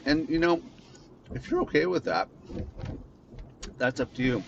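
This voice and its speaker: Ranting bitterly with plenty of profanity, a podcast host speaks off the cuff while driving. His voice is on the high side, very animated, creaky, and a little slow. The audio is dull and lo-fi, with a faint hiss of noise.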